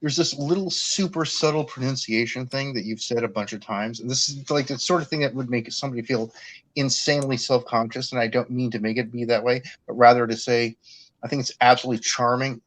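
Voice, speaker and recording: A man from Massachusetts in casual chat, animated and effusive, often laughing as he talks. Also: medium pitch, a little fast, rough recording. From Worcester, Massachusetts. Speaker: chat participant.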